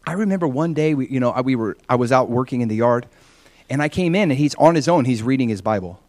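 A man's voice: medium pitch, expressive, quick pace, a little mellow, dry recording. A middle-aged man preaching and telling personal stories, often acting out the people he quotes. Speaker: pastor.

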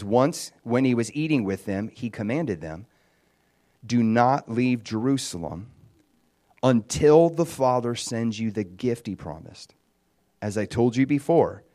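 A man giving a casual Bible teaching, retelling the story in a conversational, animated way with frequent fillers. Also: mid-range voice.

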